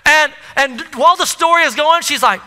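Bright-voiced preacher telling a story. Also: male voice, extremely high pitch, moderate pace. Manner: animated storytelling, addresses the crowd. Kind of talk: sermon. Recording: echoey hall.

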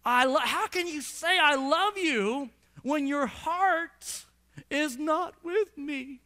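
A scheming biblical woman who reproaches her lover in slow, drawn-out, pleading words, put on by a male preacher. The voice stays high and bright. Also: full character voice. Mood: reproachful.

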